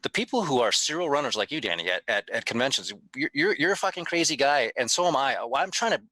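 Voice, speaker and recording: A middle-aged man talking as a guest in a casual podcast chat, emphatic and animated, with lots of restarts and the odd swear word. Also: mid-range voice, fast talker, dry recording, rough recording. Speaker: convention owner, guest.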